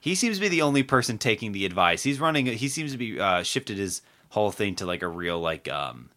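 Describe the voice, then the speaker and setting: A man hosting a podcast, chatting casually and rambling through loose thoughts with plenty of fillers and false starts. His voice sits on the low side yet has a bright, forceful edge. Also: big pitch swings, a little fast. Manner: rambling, heavy on fillers and restarts. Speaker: podcast host. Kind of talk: casual political chat.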